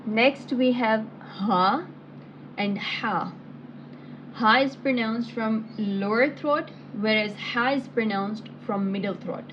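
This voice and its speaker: A woman's voice: on the high side, slow. A woman teaching a lesson, patiently explaining letter sounds and then reciting the syllables aloud one by one. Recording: dull lo-fi audio with faint background hiss.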